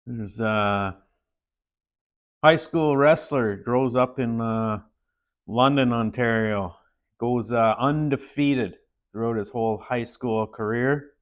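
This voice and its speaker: A man hosting a casual joke-telling show, telling a long story with frequent pauses. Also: medium pitch.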